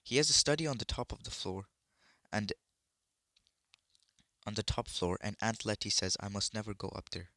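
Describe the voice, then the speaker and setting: A man voicing a miserable, excitable young boy in a storybook reading, talking in an emphatic rush. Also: on the low side, normal speed, pauses often, no echo, clean studio sound. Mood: conspiratorial. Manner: emphatic, wound up.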